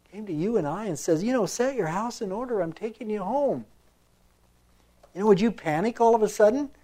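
A man's voice: high voice, dark tone. Man preaching a reflective sermon. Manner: conversational, reflective, many fillers and restarts.

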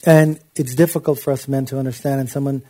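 A man's voice: medium pitch, fairly even intonation, fast, dark tone. A man preaching a sermon in an impassioned, conversational way, with frequent asides to his listeners.

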